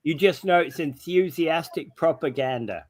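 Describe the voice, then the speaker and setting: A man's voice: on the high side, normal speed, a little mellow. A man hosting a casual morning talk show, teasing his co-host dryly and stumbling through news details with lots of fillers.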